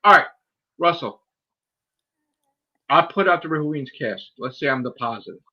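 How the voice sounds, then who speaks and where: A man hosting a podcast, ranting in a heated, profane way and mimicking people in high voices. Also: expressive, moderate pace, dull audio. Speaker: podcast host. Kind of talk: heated casual podcast rant.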